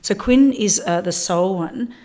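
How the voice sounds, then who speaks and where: A woman's voice: medium pitch, a little slow, mellow. Chatty woman, hesitant. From Australia. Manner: chatty and hesitant, trails off into asides. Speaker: host. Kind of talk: casual chat.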